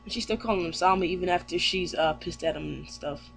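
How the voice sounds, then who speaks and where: A man with a high-pitched voice recaps a comic chapter in loose, rambling speech, trailing off and restarting as he goes. He sounds easygoing and unscripted, with a faint hum in the background. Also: steady tone, a little fast, creaky, a bit bright. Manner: rambling, with lots of fillers and restarts. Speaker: anime reviewer.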